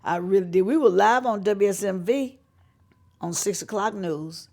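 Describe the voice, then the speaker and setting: A woman's voice: mid-range voice, normal speed. A woman from North Carolina, telling stories in an interview and acting out the people she quotes. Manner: acts out quoted voices, lively and emphatic. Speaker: interviewee, singer and showcase organizer. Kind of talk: animated storytelling interview.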